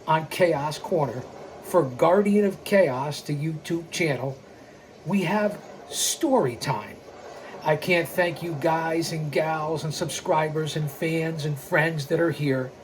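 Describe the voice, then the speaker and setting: A man's voice: a little high, takes it slowly, a little hiss or hum, low-quality recording. A man hosting his own online show, delivering a brash, boastful monologue in a wrestling-promo style from a basement studio. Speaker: YouTube show host. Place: underground bunker studio.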